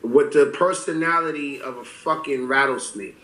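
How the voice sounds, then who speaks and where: A man in his forties telling stories in a casual interview, profane and animated, acting out what people said. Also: medium pitch, normal speed. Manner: animated storyteller, profane, acts out quotes. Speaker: rapper guest. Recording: roomy echo.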